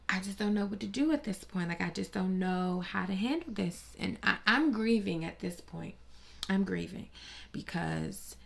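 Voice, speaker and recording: A woman's voice: on the low side, creaky. A woman vlogger delivering a dramatic, profane, mock-grieving comedic rant with plenty of sass.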